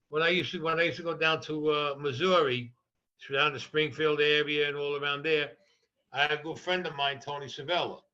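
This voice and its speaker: A man's voice: fairly high pitch, bright, forceful tone. A man telling stories as a podcast guest, blunt and profane, with a laughing edge. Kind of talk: casual storytelling. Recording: dull lo-fi audio.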